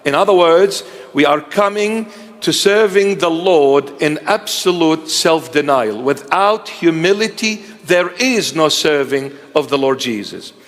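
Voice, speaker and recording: A man's voice: on the high side, lively intonation, a little slow, a bit bright, in a large hall. A man in his fifties delivering an emphatic sermon, repeating his key phrases. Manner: emphatic, repetitive preaching. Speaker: preacher.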